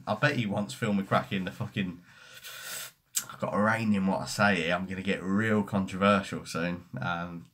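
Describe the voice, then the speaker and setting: A man's voice: mid-range voice, a bit bright. A young man hosting a football fan live stream, chatting casually and swearing as he reads comments. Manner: sweary, mocking banter. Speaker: football fan livestream host.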